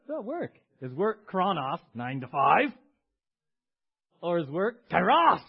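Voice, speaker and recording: High-voiced animated male preacher. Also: unhurried, vocal fry, breathy edge, narrow, tinny audio. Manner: animated, calls on the congregation to repeat words. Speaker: pastor. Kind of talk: sermon.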